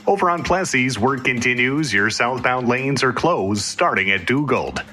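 Lively male radio traffic reporter. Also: medium pitch, faint music behind. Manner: brisk, lively reading.

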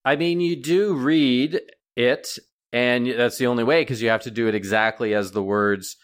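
Middle-aged male guest, animated storyteller, mid pitch, casual interview. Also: normal speed. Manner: animated storyteller, pitch jumps up when excited. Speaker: guest, veterinarian author.

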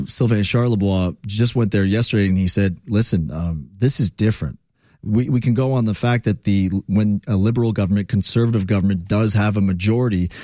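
A man's voice: mid-range voice, a little mellow, no room sound, studio quality. A male radio host talking politics in an emphatic, rambling, opinionated way.

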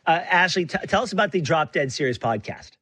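A man hosting a radio interview, casual and halting, often restarting his words. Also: fairly high pitch, expressive, fairly bright tone, slightly rough, no room sound. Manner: halting, repeats words, laughs easily. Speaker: radio host.

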